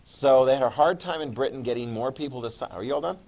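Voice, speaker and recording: A man's voice: medium pitch, fast, creaky, darkish tone. Man lecturing a class. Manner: conversational, checks in with students often. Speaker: history teacher.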